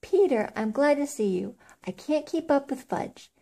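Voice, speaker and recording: A woman's voice: high-pitched, lively intonation, moderate pace, gravelly, warm tone, pitched above the performer's own voice. A woman reading as a fussy young mother. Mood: relieved.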